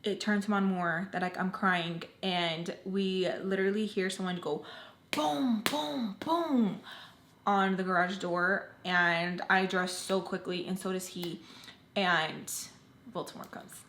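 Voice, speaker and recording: A young woman with a slightly low voice, rambling through a storytime vlog. She fills her talk with "like" and speaks in an echoey room. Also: little pitch movement, a little slow, a bit bright, a little hiss or hum. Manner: chatty, filler-heavy with constant "like". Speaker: storytime vlogger. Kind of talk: casual storytime.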